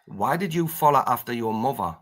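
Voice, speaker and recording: A man's voice: medium pitch, lively intonation, brisk, a bit bright. A man with a northeast English accent, baiting his opponent during a live-stream debate and repeating his questions. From northeast Britain, near the Scottish border. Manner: needling, repeats his demands over and over. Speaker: debate panelist.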